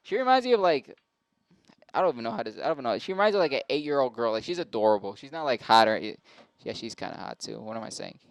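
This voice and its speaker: A man's voice: medium pitch, lively intonation, fast talker, dry recording. Man rambling through a profane monologue. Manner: profane, rambling, self-interrupting. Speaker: host and stand-up comic.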